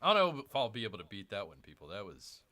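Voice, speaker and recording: Casting note: lively male game streamer, bright and animated, chatty, talks straight to his viewers. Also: lowish voice, fast talker. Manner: excitable, chatty, keeps addressing viewers as "people". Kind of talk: casual livestream chat.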